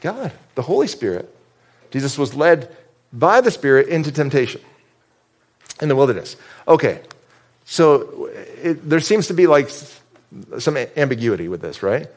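A man's voice: mid-range voice, sing-song, normal speed, pauses often. A male pastor from upstate New York delivering a sermon. He keeps it loose and conversational, with a mid-range voice and jokes thrown in. He often breaks off and restarts a sentence before going on.

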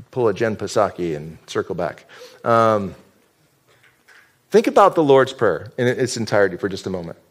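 A man from upstate New York preaching a sermon as pastor, talking in a conversational, joking way and often restarting his sentences. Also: medium pitch.

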